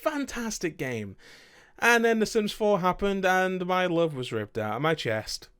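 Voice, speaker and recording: A man's voice: high voice, sing-song, a little slow, a bit bright, clear, resonant tone. A young man chatting casually about his favourite video games, rambling, correcting himself and swearing now and then. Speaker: video game streamer.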